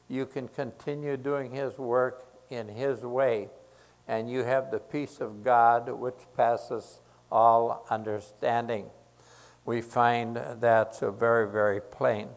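A man's voice: medium pitch, fairly even intonation, slow pace, rough recording. A man preaching a sermon in an earnest way, building his points through repeated phrases.

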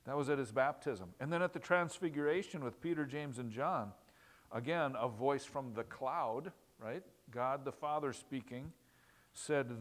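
A man's voice: mid-range voice, measured pace, a bit bright. Man preaching a conversational sermon. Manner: conversational, asks the congregation questions, repeats words for emphasis. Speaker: pastor. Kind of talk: sermon teaching on scripture.

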